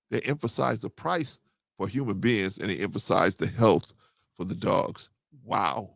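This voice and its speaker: A middle-aged man, hosting a casual livestream, reading chat and getting animated as he agrees. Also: unhurried, gravelly, dry recording, clean studio sound. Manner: animated, rising to excited high pitch when agreeing. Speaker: host.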